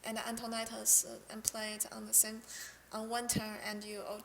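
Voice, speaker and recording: Young woman, non-native English speaker, fairly high voice, creaky, halting casual streamer chat, headset mic. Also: monotone, fairly bright tone, a little hiss or hum. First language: not English. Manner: halting, restarts often, reads card text aloud. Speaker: game streamer reviewing cards.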